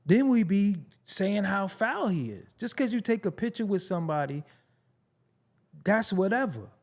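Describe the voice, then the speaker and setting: A man hosting his own show, talking bluntly in a casual commentary monologue. He swings from low mutters to high, incredulous outbursts. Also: animated, moderate pace, a little mellow. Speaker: show host.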